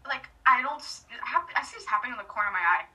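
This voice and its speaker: A woman telling a story in casual chat, excited and rambling with many fillers and dropping to whispers for effect. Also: a little high, racing, far from the mic, rough recording. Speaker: storyteller recounting a fan meeting.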